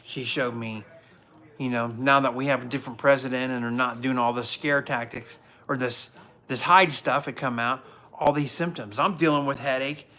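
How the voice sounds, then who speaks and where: He speaks at normal speed with a medium pitch and steady tone, sounding pushed and bright. This man in his forties is a police officer hosting a casual livestream from home, telling earnest, rambling stories full of restarts.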